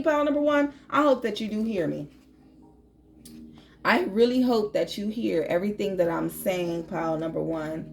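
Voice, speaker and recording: A woman's voice: medium pitch, slight background noise. A woman giving a casual tarot reading to her viewers, chatty and emphatic, laughing often. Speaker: tarot reader.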